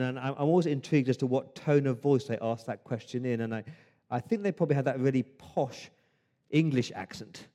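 A man preaching a sermon as pastor, conversational and emphatic, swinging between loud stresses and hushed asides. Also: medium pitch, fairly quick.

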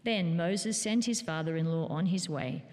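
A woman reading a Bible passage aloud in a church, at a steady, measured pace. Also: lowish voice. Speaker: scripture reader. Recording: long church reverb.

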